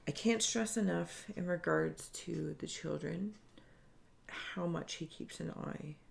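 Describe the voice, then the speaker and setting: A woman giving a spiritual reading, speaking softly and earnestly in halting, searching phrases that she often restarts. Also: on the low side, creaky. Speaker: spiritual reader. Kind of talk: improvised intuitive reading to camera.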